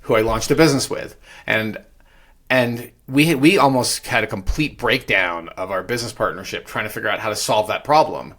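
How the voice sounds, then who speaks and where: A man's voice: on the low side, normal speed, a bit bright. A man co-hosting a casual real estate podcast, chatty and rambling with frequent restarts. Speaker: podcast co-host.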